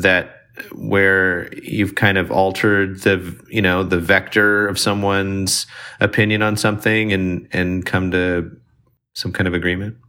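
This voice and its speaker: A man's voice: sits low, bright, forceful tone. A man co-hosting a podcast, asking questions hesitantly with many fillers. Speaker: podcast co-host. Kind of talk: casual conversation.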